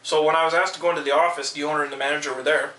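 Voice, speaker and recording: A man's voice: a little high, steady tone, racing, bright, forceful tone, roomy sound, distant mic, rough recording. A man venting in a heated, swearing rant about being let go from his job. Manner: heated, swearing, quotes people in raised voices. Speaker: vlogger. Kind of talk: angry personal rant.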